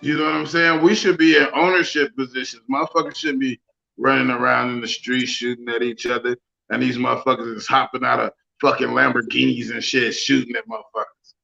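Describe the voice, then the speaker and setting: Gravelly, bright-voiced podcast host, preachy. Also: male voice, mid-range voice, flat delivery, brisk. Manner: emphatic, preachy and profane. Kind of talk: casual podcast chat. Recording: dull lo-fi sound.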